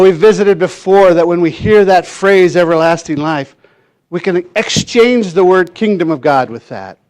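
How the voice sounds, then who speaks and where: Man, minister, fairly high voice, sermon, folksy storytelling, fillers. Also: a little mellow. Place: church.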